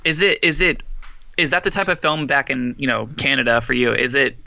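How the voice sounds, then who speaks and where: A young man co-hosting a podcast, relaxed, reading a plot summary aloud with small asides. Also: mid-range voice, brisk, gravelly, no echo, highs cut off. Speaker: podcast co-host. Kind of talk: casual movie chat.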